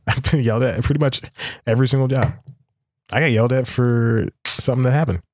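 A man's voice: medium pitch, brisk, dry recording, clean studio sound. A man hosting a podcast alone, reading an article aloud and commenting casually, chuckling often and correcting himself as he rambles. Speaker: podcast host.

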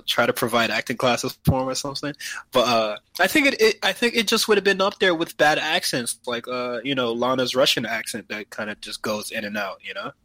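A man's voice: medium pitch, pushed and bright, dry recording, rough recording. A man co-hosting a podcast in casual chat, rambling with lots of fillers and restarts. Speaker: podcast co-host.

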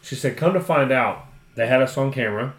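A man's voice: mid-range voice, brisk, a crowd in the background. Profane storytelling man in an echoey room. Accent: Ohio. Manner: profane, storytelling, laughs often. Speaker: podcast co-host. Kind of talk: casual chat.

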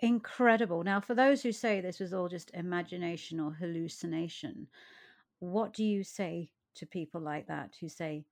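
A woman's voice: lowish voice, moderate pace. A woman interviewing a guest, asking attentive, probing questions.

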